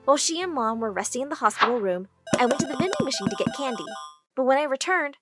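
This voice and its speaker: A woman's voice: high-pitched, fast, over loud music. A woman narrating a first-person storytime and acting out the dialogue. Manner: animated, acts out the dialogue.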